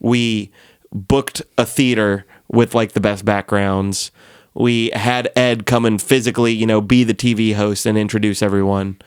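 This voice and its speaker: A man's voice: lowish voice, steady tone, measured pace, clean tone, no room sound. A man hosting a casual studio chat, talking loosely with many fillers and frequent laughs. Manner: chatty, laughs often, lots of "like" fillers. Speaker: podcast host, musician.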